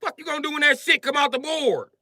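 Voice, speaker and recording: A man ranting on a comedic live stream, loud, profane and animated, often breaking into shouts. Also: very high voice, fast talker, no echo.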